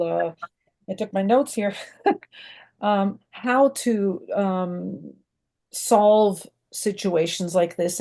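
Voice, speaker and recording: A woman's voice: medium pitch, dark tone. An American woman asking a long, rambling question on a video call, enthusiastic and full of fillers. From United States. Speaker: audience member asking a question. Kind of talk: online Q&A question.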